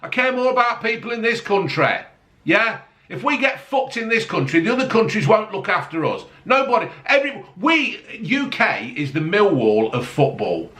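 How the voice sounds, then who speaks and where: Man, angry sweary rant, lively bright voice, swooping pitch. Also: normal speed. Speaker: vlogger. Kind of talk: ranting casual chat.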